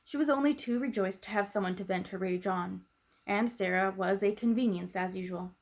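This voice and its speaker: A woman reading a children's storybook aloud as a storyteller, gentle and unhurried. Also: mid-range voice.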